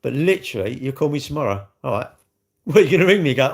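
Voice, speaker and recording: A man's voice: mid-range voice, sing-song, racing, creaky. A man hosting a livestream, chatting casually and joking with viewers in a rambling way. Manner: rambling, jokey banter. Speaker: livestream host.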